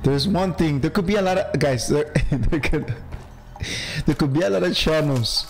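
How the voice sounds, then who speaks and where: A man's voice: fairly high pitch, normal speed, gravelly, faint music behind, low-quality recording. A man with a heavy accent giving casual let's-play commentary as a gaming channel host, chatty and laughing at himself.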